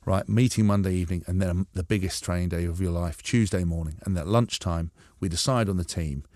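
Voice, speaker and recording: A man voicing a calm, businesslike senior rugby coach who lays out a schedule in a matter-of-fact way. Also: no room sound, studio quality, lightly acted. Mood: briefing. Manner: low, measured, matter-of-fact.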